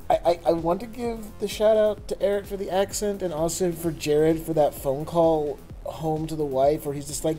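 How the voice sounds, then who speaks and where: A woman tabletop player in casual chat, hesitant with many "um"s and quick to laugh. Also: deep voice, fairly even intonation, dark tone, faint music behind, poor audio.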